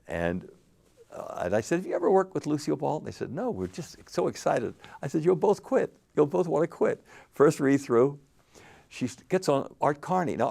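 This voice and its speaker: An older man, a game show host, telling stories in an interview with lively animated delivery. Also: mid-range voice, creaky. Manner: animated anecdotal storytelling with laughs. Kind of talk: storytelling interview.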